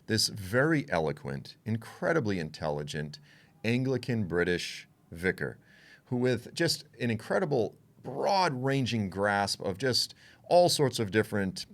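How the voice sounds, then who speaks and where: A man giving a conversational Bible teaching, frank and animated, acting out what others would say. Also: lowish voice. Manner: animated, frank, with asides and quoted voices.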